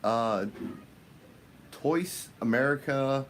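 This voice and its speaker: A man hosting a fishing channel livestream, greeting viewers by name in casual chat, his voice jumping up high on the shout-outs. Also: drawn-out words, a little hiss or hum.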